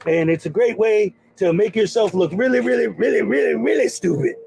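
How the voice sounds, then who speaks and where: A man playing a boastful scamming salesman in a comedic parody skit, with a sleazy sales-pitch manner. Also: lively intonation, fairly quick, vocal fry, darkish tone, a little hiss or hum. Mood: smarmy pitch. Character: boastful scammy male con man hawking junk.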